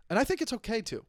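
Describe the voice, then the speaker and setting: A man's voice: sits high, no room sound, clean studio sound. A man in his thirties hosting a solo comedy podcast, rambling and self-aware, making jokes and often restarting his sentences. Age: 30s. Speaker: podcast host.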